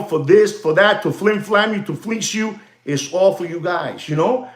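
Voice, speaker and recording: A man hosting a live stream, rambling in a teasing, lecturing way, packed with "you know" fillers. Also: high voice. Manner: animated, excitable, constant "you know" fillers. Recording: roomy, echoey room sound.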